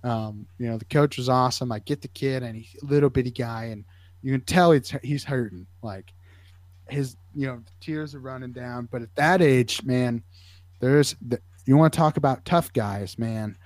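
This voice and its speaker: Man, casual guest storyteller, lively and filler-heavy, dry studio sound. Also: mid-range voice, normal speed, dry recording. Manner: animated, acts out voices, many fillers. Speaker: athletic trainer and podcast guest.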